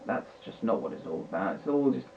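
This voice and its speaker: A man's voice: lowish voice, sing-song, a little fast, gravelly, darkish tone. A British man ranting and swearing in a rambling, agitated way, recorded at home at his computer. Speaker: vlogger. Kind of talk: unscripted political rant. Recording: tinny lo-fi mic with faint hiss.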